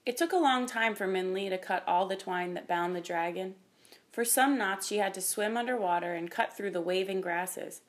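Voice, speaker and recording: Woman, storybook narrator, gentle expressive reading, medium pitch. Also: normal speed. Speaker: audiobook reader. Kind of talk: storybook narration with character voices.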